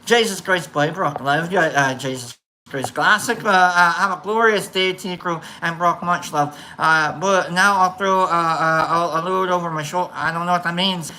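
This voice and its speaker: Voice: medium pitch, normal speed, pushed and bright, slight background noise, poor audio. A livestream host chatting casually and greeting viewers by name, rambling and playful, with many fillers and restarts. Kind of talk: casual chat reading viewer comments.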